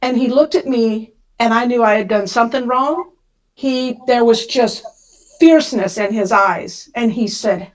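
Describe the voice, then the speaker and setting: A woman's voice: on the high side, normal speed. A middle-aged woman, a podcast guest, telling her life story in a vivid, emotional way. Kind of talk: storytelling interview.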